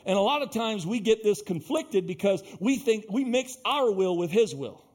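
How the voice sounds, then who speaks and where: High-voiced preaching man, emphatic. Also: normal speed. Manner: emphatic, animated preaching with asides to the congregation. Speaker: pastor. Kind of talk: sermon.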